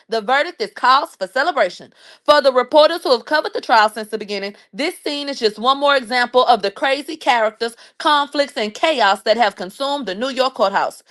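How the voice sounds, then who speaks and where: High-voiced profane woman commentator. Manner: profane, sarcastic, loud. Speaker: commentary YouTuber. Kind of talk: reaction commentary reading an article.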